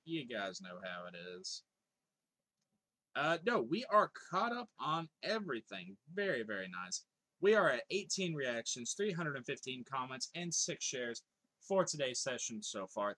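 A man's voice: medium pitch, pushed and bright. A man in his thirties streaming live, chatting casually, reading viewers' comments aloud and laughing often.

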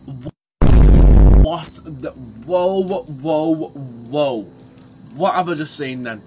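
A man's voice: on the high side, extremely slow, background noise. A young British man commentating a horror game, swearing a lot and jumping at scares. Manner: jumpy, swearing, crude jokes. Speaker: gaming streamer.

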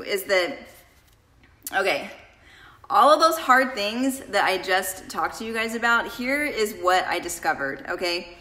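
Woman vlogging about her year, bright voice, kinda echoey room, super chatty. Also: medium pitch. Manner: chatty, emotional, addresses viewers as "you guys". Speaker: coach and vlogger. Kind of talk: casual confessional vlog.

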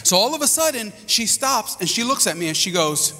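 A man in his fifties, a pastor preaching a sermon to his congregation with lively storytelling. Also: fairly high pitch, a little fast, hardly any pauses. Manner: animated preaching with storytelling asides. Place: church sanctuary. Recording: reverberant church hall.

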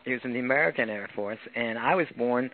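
A man's voice: mid-range voice, fast. A man who grew up in France, a guest musician chatting casually in an interview, rambling with lots of fillers. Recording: tinny phone-like line, faint noise.

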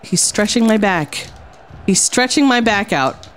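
A woman's voice: medium pitch, animated, unhurried, a little hiss or hum. A woman streaming a game, commenting casually and theatrically. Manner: playful, theatrical, lots of exclamations and laughs.

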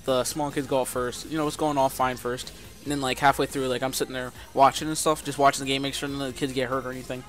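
A man's voice: mid-range voice, flat delivery, quick pace, fairly bright tone, faint music behind. A young man casually telling a story about his job, rambling and filling with "like". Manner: rambling, heavy use of filler "like". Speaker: vlogger.

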